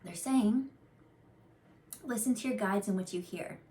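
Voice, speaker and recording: A woman's voice: mid-range voice, unhurried, dark tone. Chatty woman giving an intuitive card reading. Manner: chatty, rambling, earnest with frequent fillers and restarts. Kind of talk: casual channeled tarot reading.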